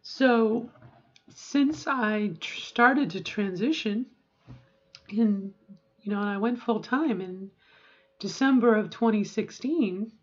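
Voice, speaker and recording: A woman's voice: medium pitch, slow, long pauses. Candid middle-aged woman, lo-fi video diary. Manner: chatty, candid, self-interrupting. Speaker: vlogger.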